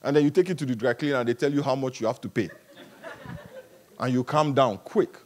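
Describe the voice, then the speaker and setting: A male pastor preaching a sermon at a church service, animated and humorous, swinging between quiet asides and loud passages. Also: medium pitch, a little fast, slight background noise.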